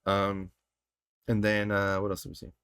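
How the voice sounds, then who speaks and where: A man co-hosting a casual podcast, talking excitedly about movies, with lots of fillers and swearing. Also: on the low side, normal speed, clean tone. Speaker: podcast co-host.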